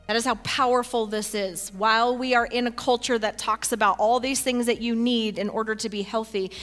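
Emphatic higher-voiced woman urging a congregation. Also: fairly bright tone. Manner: emphatic, urging, fast bursts. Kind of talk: exhortation during communion.

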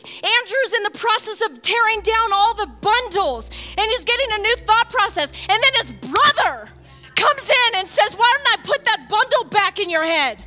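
Fired-up woman preaching with high, bright voice. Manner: animated, swings from hushed to fired-up, laughs often. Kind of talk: passionate sermon.

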